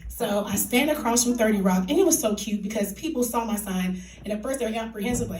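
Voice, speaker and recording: A woman telling a comic true story live on a theater stage, animated and laughing, in colloquial speech. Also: fairly high pitch, fast, few pauses, background noise. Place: theater stage before an audience. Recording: echoey theater, distant mic.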